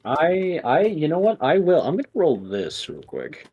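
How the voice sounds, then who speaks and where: A man's voice: a little high, wildly swooping pitch, normal speed, darkish tone, breathy edge, dull audio. A man running a tabletop game as game master, narrating casually with many fillers.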